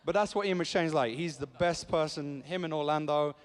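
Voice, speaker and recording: Man, thirties, fairly high voice, animated and jokey, convention panel guest. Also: moderate pace, long reverb tail. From England. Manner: animated storyteller, jokey, acts out quotes.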